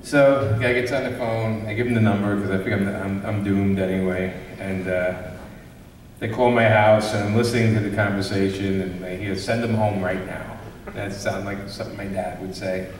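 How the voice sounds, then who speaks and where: A man's voice: on the low side, brisk. A man from Brooklyn spins a casual, laughing story for a live panel crowd and slips into voices for the people in it. He is picked up from well back in a big echoey hall with a long tail of reverb. Faint room noise sits under him. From Brooklyn, New York. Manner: animated anecdote-teller, acts out quoted voices, laughs often. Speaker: comics creator hosting a convention panel. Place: large convention panel room. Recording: echoey hall, distant mic.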